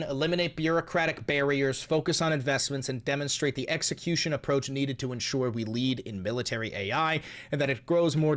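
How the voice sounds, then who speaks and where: A man's voice: a little high, a bit bright. A young man hosting a commentary vlog, ranting in a heated, mocking and profane way. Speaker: host.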